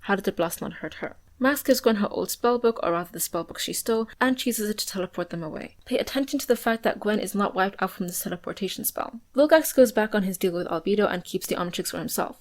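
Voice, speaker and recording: Sarcastic young woman recapping a cartoon. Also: mid-range voice. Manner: sarcastic, wry. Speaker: video reviewer. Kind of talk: scripted recap commentary.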